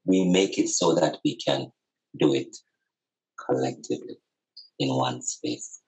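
The recording is rough, and the man's voice is rumbling low, a little slow and a little mellow. Joining a podcast by video call as a guest, he argues earnestly with passionate, repetitive, preacher-like emphasis.

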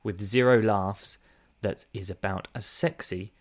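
A man's voice: on the low side, steady tone, a little slow. A man, co-hosting a casual film review podcast, reading reviews aloud with mock emphasis and laughing often. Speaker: podcast co-host.

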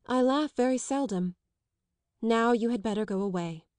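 A woman reading the part of a composed, kind but weary young woman in an audiobook, speaking calmly and gently. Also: fairly high pitch, no echo, natural voice. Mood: measured. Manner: calm, gentle, measured.

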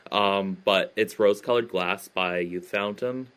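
A man's voice: on the low side, measured pace, a bit bright, clean tone. A man chatting as a podcast guest about his band, talking hesitantly with many fillers and restarts. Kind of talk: casual interview chat.

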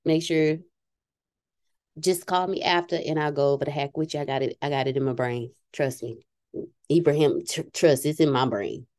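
A woman hosting a casual talk show, laughing often and dropping into quiet asides. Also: deep voice. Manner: animated, laughs often, drops to a hushed aside. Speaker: host. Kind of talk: casual chat.

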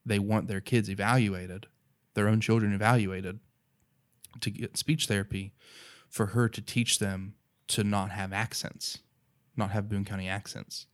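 Earnest Appalachian man, low voice. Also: flat delivery, a little slow. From North Carolina. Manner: earnest, rambling, many "you know" and "right". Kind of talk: casual faith talk.

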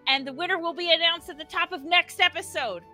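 A woman's voice: very high-pitched, fast, sharp tone, faint music behind. A woman co-hosting a streamed tabletop game, making chatty, giggly announcements. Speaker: co-host and player.

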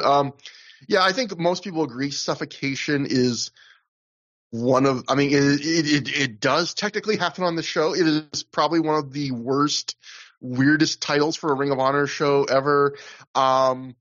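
Man, podcast host, casual rambling chat, laughs often, slightly higher voice, slightly dull audio. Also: moderate pace, a bit bright. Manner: rambling, laughs often, restarts mid-sentence.

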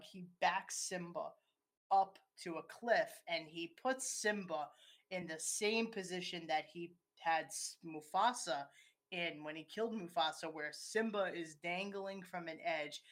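A woman in casual conversation, walking through a film scene step by step and acting out its quoted lines. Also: lowish voice.

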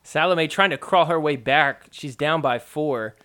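A man's voice: fairly high pitch, unhurried, sharp tone. Joking man recapping matches. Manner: joking, mocks referees in quoted asides. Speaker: podcast host recapping matches. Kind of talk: casual play-by-play recap.

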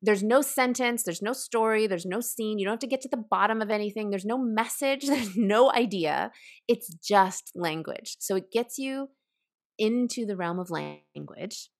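A woman who teaches writing, explaining a creative exercise in an animated, conversational way and laughing often. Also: mid-range voice, normal speed. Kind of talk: conversational podcast interview.

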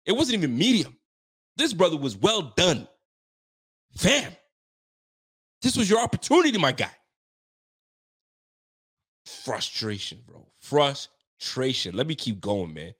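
A man's voice: fairly high pitch, huge pitch swings, normal speed, pauses often, fairly bright tone, breathy edge. A man from Ontario hosting a sports show, venting heatedly after a game with frequent cursing. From Ontario, Canada. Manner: heated, profane, fired-up venting. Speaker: sports podcast host. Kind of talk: postgame rant.

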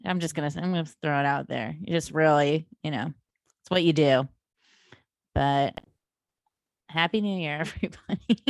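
A woman with a very low, deep speaking voice chats casually as a podcast co-host. She is playful and loose, swearing now and then. The sound is dry and close, with no room around it. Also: normal speed, creaky, pauses often, no room sound. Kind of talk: casual chat.

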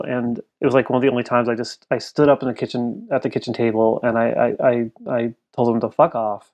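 A man's voice: medium pitch, steady tone, fast talker, darkish tone. A man in his thirties on a podcast, telling a personal family story in a rambling, emotional way, full of "like". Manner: rambling, heavy use of "like", emotional. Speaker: podcast co-host. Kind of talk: casual storytelling chat.

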